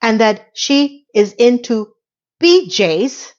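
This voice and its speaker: A woman's voice: on the high side, animated, slow pace. A middle-aged woman recapping a TV episode in a casual vlog, chatty and sarcastic, with plenty of offhand asides. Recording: slightly dull lo-fi audio.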